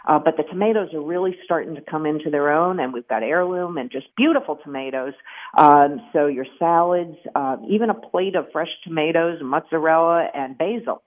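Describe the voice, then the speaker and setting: Chatty upbeat woman calling in on a tinny phone line, lowish voice, some restarts. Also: a little fast. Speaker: farmers market guest on phone. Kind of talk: casual phone-in chat.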